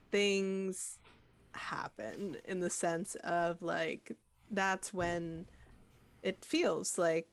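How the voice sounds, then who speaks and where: A woman playing in a tabletop game, explaining her character in a chatty, hedging way. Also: fairly low pitch. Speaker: player. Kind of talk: casual chat.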